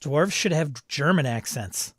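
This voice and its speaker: Reading his chat aloud on a live stream, a man keeps things casual and laughs a lot. His voice is somewhat high and expressive, at a measured pace, captured in studio quality without echo.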